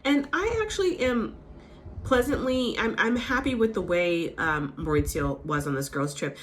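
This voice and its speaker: A woman hosting a casual reality TV recap, chatty and animated, who often slips into quick impressions of the cast. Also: medium pitch, slight background noise. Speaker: recap host.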